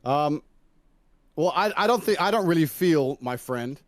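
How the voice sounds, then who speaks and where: A man's voice: on the high side, animated, measured pace, no echo, clean studio sound. A middle-aged man from the United Kingdom with a mixed British and American accent, an assertive and mocking debate guest speaking over a video call. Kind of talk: heated stream debate.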